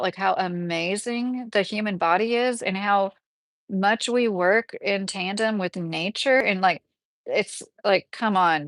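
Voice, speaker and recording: A woman's voice: mid-range voice, dry recording. Chatty Kentucky woman on a livestream. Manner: rambling, chatty, full of fillers. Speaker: livestream host. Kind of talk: casual livestream chat.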